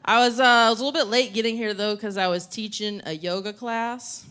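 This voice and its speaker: Southern woman stand-up comic, bit high-voiced, big acted-out bits, live stage mic. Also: fairly quick, smooth. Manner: animated storytelling with loud acted-out outbursts. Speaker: stand-up comedian. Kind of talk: stand-up comedy set. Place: comedy stage before a live audience.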